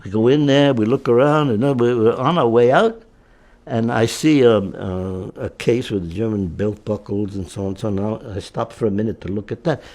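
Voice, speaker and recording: An American man in his nineties, a war veteran telling a personal story in a halting way, with frequent restarts. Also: fairly low pitch, darkish tone. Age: 90s. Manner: halting and repetitive, with many restarts and fillers.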